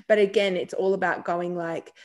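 A woman's voice: lowish voice, fairly even intonation, moderate pace, darkish tone. A woman hosting a podcast as a psychologist, talking in a chatty, casual way, full of fillers and restarts.

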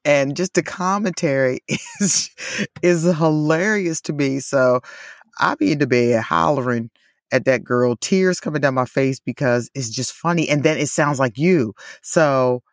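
A woman's voice: low-pitched, a little slow, no room sound, clean studio sound. A woman co-hosting a podcast in casual chat, full of "like" and "you know", laughing often. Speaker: podcast co-host.

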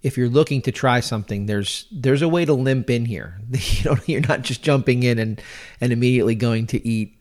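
A man's voice: medium pitch, fairly quick, darkish tone. A man hosting a casual chat, easygoing and chuckling as he recommends spots. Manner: easygoing, chuckling, restarts phrases. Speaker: host.

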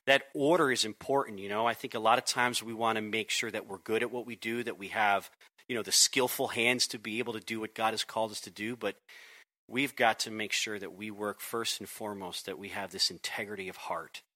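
Youth pastor, forties, bright animated storyteller guest. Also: male voice, on the low side, brisk. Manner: animated storyteller, acts out voices. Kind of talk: casual podcast conversation.

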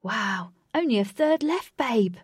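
A woman's voice: fairly high pitch, expressive, slow pace, breathy edge, no room sound, studio quality, voice pushed up, full character voice. A woman voicing a cheerful, laid-back young man in a storybook reading, breezy and familiar. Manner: breezy, calls people babe.

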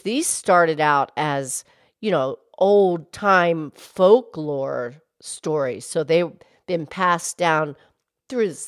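A lowish, unhurried voice belongs to a wise, patient cartoon cow, played by a woman. She explains things slowly and gently, like a teacher, on a playful kids' podcast. The sound is close and dry, with no room around it. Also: no room sound, heavily acted. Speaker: podcast co-host.

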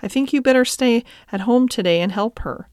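A steady working man in a classic storybook, firm in his principles and earnest with his family, as a woman reads him. Her smooth, clear voice sits dry and close to the mic. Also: on the high side, dry recording, lightly acted. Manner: earnest and measured. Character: steady, principled middle-aged cab driver and father.

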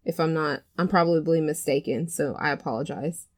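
A woman's voice: sits low, a little fast, no echo. A woman hosting a casual podcast chat, animatedly retelling a film's plot and acting out the characters' lines with cursing and laughter. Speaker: podcast co-host retelling a film.

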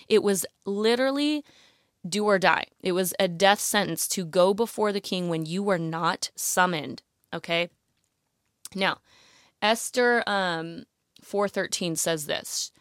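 Woman host, casual Bible teaching, animated and heartfelt, dry close sound. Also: medium pitch, dry recording. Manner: animated and emotional, often saying "you guys" and "like, literally". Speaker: Bible teacher addressing women listeners.

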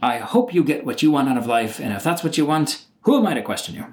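A middle-aged man telling a personal story in an animated, exasperated way, sometimes mimicking other people. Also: mid-range voice, quick pace.

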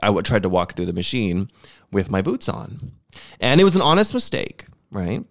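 Animated American man telling podcast stories. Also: on the low side, normal speed. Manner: animated storyteller, laughs often, acts out quoted exchanges. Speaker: podcast co-host. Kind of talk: casual podcast chat.

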